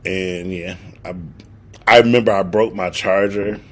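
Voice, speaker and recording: A man's voice: deep voice, unhurried. A young man, casually telling a story on a podcast and acting out the quotes. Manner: animated storyteller, acts out quotes. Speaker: podcast co-host.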